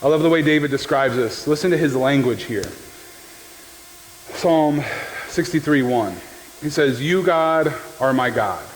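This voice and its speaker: Male pastor, casual jokey sermon delivery, slightly raised pitch, faint room noise. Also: a little slow, long pauses. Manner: conversational and joking, often checks in with "right?". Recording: long hall reverb with faint background noise.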